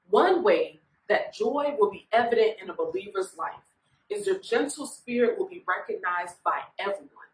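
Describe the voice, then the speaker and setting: A woman's voice: medium pitch, animated, normal speed. Woman minister teaching with a roomy echo. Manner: informal, often checks in with listeners. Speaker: minister leading a Bible study. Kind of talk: conversational Bible study teaching. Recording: echoey room, voice far from mic.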